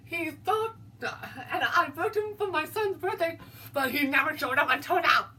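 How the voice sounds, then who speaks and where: A young woman puts on a panicked father in a spooky storytime tale, high and bright-toned, crying out for help. The voice sits a little off from the mic, with a faint hum behind it. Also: moderate pace. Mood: pleading. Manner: frantic shouting. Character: panicked father whose son was taken. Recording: distant mic, faint background noise.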